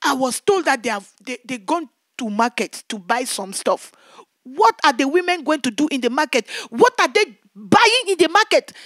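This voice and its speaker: A woman evangelist telling a testimony in fervent preaching, shouting her prayers and recounting events vividly. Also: sits high, expressive, normal speed, no echo, studio quality.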